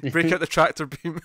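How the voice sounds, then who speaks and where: A man co-hosting a casual TV review chat, laughing often and slipping into animated impressions of characters. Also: fairly high pitch, dry recording. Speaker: podcast co-host.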